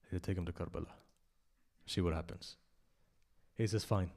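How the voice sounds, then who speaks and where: A man giving an impassioned sermon at a memorial gathering, telling a story and swinging between loud emphasis and hushed asides. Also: low-pitched, fairly even intonation, moderate pace, vocal fry. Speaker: speaker at a memorial majlis.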